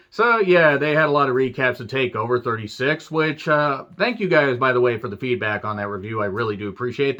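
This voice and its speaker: A man's voice: fairly high pitch, pushed and bright, dull audio. A man casually reviewing a wrestling show on his own, crude and joking, often drifting off on tangents. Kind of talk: casual solo review monologue.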